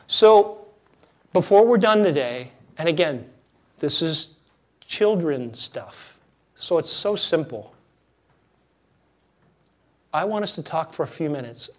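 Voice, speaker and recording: Pastor guy w a high voice, chatty jokey sermon, goes quiet then loud. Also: expressive, slow, long pauses. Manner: conversational, jokey, swings between hushed and loud.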